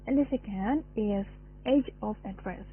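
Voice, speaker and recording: A woman's voice: mid-range voice, a little slow, slightly rough. A young woman with an Indonesian accent, reading a class presentation aloud in a careful way. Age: young adult. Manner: careful, read-aloud delivery. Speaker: student presenter. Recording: phone-like narrow sound.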